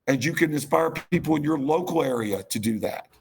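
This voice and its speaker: A man's voice: fairly high pitch, brisk. A man giving a passionate, rambling conference keynote with self-deprecating asides. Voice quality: gravelly, husky. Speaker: keynote speaker.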